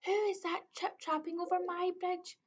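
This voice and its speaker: A woman's voice: very high-pitched, level tone, moderate pace, pitched above the performer's own voice. A woman with a Scottish accent voicing a horrid, hungry male troll that roars threats from under a bridge. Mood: roaring. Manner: roaring, threatening. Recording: dull lo-fi recording.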